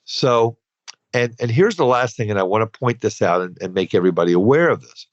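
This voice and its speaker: A man's voice: lowish voice, animated, fairly quick, no room sound. A man hosting a podcast, explaining financial rules in a conversational, advisory way with loose asides. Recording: dull, dry podcast recording.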